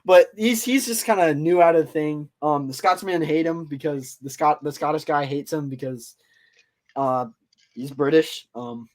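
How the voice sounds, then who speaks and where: Rambling man, fairly high voice. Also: normal speed. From United States. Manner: rambling, laughs often, many restarts. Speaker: podcast host. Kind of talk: casual chat.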